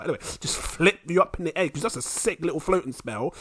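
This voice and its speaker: A man's voice: fairly high pitch, fast, few pauses, dry recording, studio quality. A man giving casual market commentary to camera, laid-back and rambling with lots of fillers. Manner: excitable, giggly when reading supporter names. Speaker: crypto channel host.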